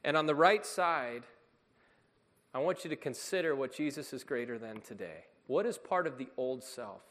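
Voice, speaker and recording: A man of middle pitch delivers a sermon as a pastor, earnest and emphatic. His voice rings out through a church sanctuary, with a long reverb trailing every phrase. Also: animated, moderate pace, fairly bright tone.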